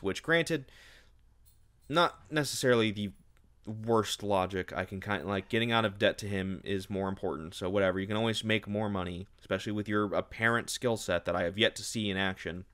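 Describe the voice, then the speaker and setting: A man's voice: on the low side, normal speed, a bit bright, clean tone. A young man giving a casual, sarcastic, exasperated book review, ranting and mocking as he retells the plot.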